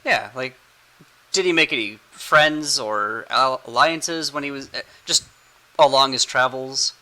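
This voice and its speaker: Giggly man with a bright voice. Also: mid-range voice, unhurried, low-quality recording. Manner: giggly, playful, rambling. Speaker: game master and podcast host. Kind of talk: casual podcast chat.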